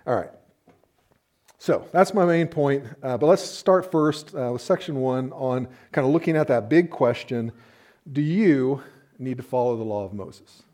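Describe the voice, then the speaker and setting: A man's voice: medium pitch, measured pace, a little mellow. Man preaching a conversational sermon. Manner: conversational, uses playful asides and acted-out quotes. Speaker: pastor.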